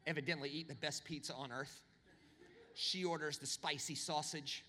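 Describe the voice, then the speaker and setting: A man preaching a sermon, telling humorous stories with animated, swinging delivery. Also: normal speed, big-room sound, slight background noise. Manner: animated, humorous storytelling with big pitch swings. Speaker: pastor.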